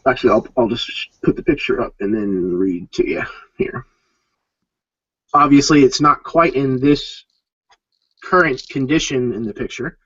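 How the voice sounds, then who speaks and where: A man narrating as game master of a tabletop game, explaining with many pauses and ums. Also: medium pitch, lively intonation, fairly bright tone, slightly rough. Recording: dull lo-fi sound.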